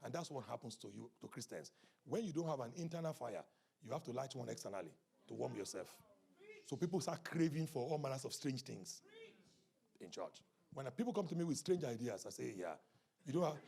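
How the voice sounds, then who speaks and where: A man preaching a sermon as pastor, with a raspy, gravelly voice. He swings from hushed talk to loud shouting and prays in tongues. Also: mid-range voice.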